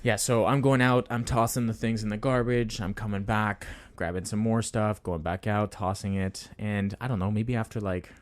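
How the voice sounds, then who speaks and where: A man co-hosting a casual podcast, telling a story in a lively way and acting out what people said. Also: lowish voice, normal speed, few pauses. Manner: animated storyteller, acts out quoted voices. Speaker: podcast co-host.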